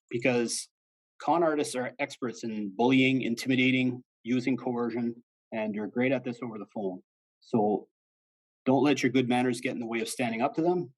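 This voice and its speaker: A man's voice: medium pitch, rough recording. A man and former police officer giving an informal, plain-spoken presentation on avoiding scams, acting out the callers he quotes.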